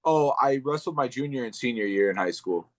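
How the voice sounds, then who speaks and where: A man's voice: medium pitch, lively intonation, brisk. A young man, a pro fighter, talking casually as an interview guest in a laid-back, rambling way with lots of fillers. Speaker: professional MMA fighter, guest.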